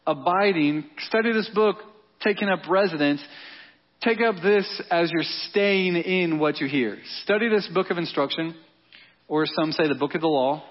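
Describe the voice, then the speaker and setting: A man's voice: on the high side, normal speed. A man preaching a sermon as pastor, talking to the congregation in an emphatic, conversational way and repeating key words. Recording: dull lo-fi audio.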